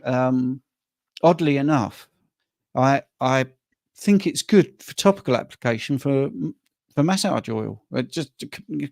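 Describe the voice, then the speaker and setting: A man's voice: mid-range voice, gravelly, darkish tone, dry recording, clean studio sound. A man from Wales hosting a live question-and-answer chat about diet, talking in a chatty way and often restarting words. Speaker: carnivore diet coach and host.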